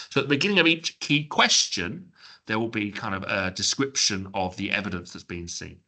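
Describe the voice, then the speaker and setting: Bright, slightly low-voiced man presenting. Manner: informal and chatty, with joking asides and self-corrections. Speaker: webinar presenter. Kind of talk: explanatory webinar presentation.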